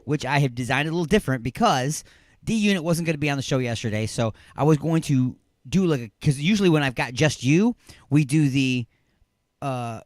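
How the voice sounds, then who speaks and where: Middle-aged man, radio host, casual call-in chat, excitable, jokey, lively pitch, dry studio mic. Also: fairly quick, no room sound.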